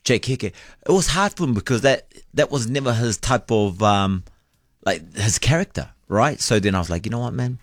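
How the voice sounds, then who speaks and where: A man's voice: on the low side, animated, moderate pace, no echo, clean studio sound. A man with a New Zealand accent co-hosting a radio show, chatting in a laid-back way and saying "bro" often. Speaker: radio host. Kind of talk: casual radio banter. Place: radio studio.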